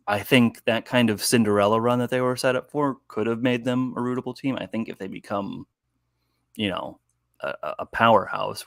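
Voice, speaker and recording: Gravelly, hesitant sports co-host. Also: male voice, on the low side, fairly bright tone, dry recording, clean studio sound. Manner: hesitant, many restarts. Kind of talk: casual sports chat.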